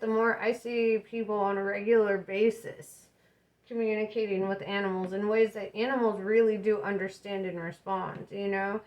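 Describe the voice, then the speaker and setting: A young woman giving a casual tarot reading, chatty and relaxed, with plenty of fillers and frequent laughter. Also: mid-range voice. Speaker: tarot reader.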